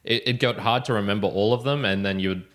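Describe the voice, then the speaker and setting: A man hosting a casual podcast in a very deep voice. He talks in a relaxed, unhurried way and often pauses on fillers. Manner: relaxed, hesitant, with many fillers and restarts. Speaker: podcast host.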